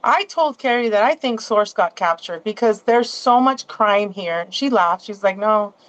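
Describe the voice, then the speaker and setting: A woman's voice: mid-range voice, lively intonation, measured pace, a bit bright, poor audio. A woman as a guest in a casual interview, rambling along with many restarts and asides.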